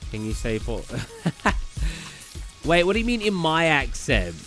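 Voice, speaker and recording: A man's voice: on the high side, sing-song, takes it slowly, over music. A young British man streaming a game live, chatting casually and rambling, often tripping over words. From Britain. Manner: rambling, chatty, stumbles over place names. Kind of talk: casual chat while live gaming.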